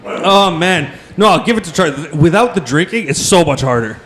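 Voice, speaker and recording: A man's voice: on the high side, expressive, normal speed, a bit bright, slight background noise. A man hosting a podcast, joking crudely and laughing while he eats hot dogs in a contest. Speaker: podcast host. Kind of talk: rowdy casual chat during an eating contest.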